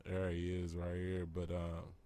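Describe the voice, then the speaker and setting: Slow-talking, slangy man. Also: low voice, completely flat delivery, mellow. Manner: slangy, mocking, swears freely. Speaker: commentary vlogger. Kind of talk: casual profane commentary.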